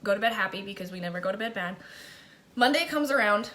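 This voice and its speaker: A young woman talks straight to her viewers, sharing a personal faith testimony in a chatty, emotional way. Her voice is bright and clear, and laughter keeps slipping into her story. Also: medium pitch, animated, fast talker. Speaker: faith vlogger.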